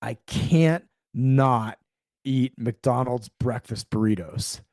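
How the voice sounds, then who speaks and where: A middle-aged man, a podcast guest, telling a story in a lively way, acting out the quoted dialogue and swearing freely. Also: mid-range voice, slow, no echo, studio quality. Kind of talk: storytelling in a conversational interview.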